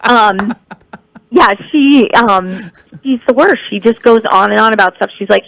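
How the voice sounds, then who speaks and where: Joking woman comedian with a gravelly voice. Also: medium pitch, measured pace, fairly bright tone, no echo, poor audio. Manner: joking, playful, laughs often. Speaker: comedian guest. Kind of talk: casual radio chat.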